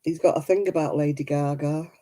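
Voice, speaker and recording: A woman's voice: low-pitched, steady tone, brisk, background noise. A middle-aged woman with a Lancashire accent and a cough, chatting casually on her crafting live stream, laughing and greeting viewers by name. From Lancashire, England. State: coughing, rough throat. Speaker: crafting livestream host.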